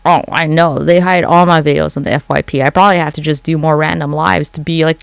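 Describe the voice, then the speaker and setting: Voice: medium pitch, steady tone, fast talker, creaky, few pauses, a bit bright, clean tone, dry recording. A livestreamer chatting casually late at night from home into a phone, rambling, swearing freely and answering comments from chat.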